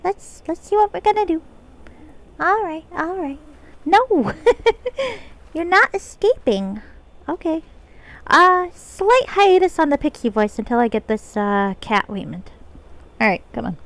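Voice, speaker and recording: A woman's voice: high-pitched, sing-song, takes it slowly, pauses often. A woman streamer chatting casually and coaxing her cat during a live game stream. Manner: soft, coaxing talk to a pet.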